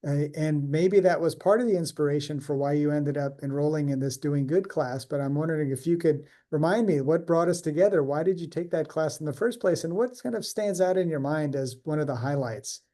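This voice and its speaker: A man's voice: fairly high pitch, brisk, hardly any pauses, mellow. A man hosting a panel discussion, introducing guests and asking questions in an upbeat, encouraging way. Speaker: host.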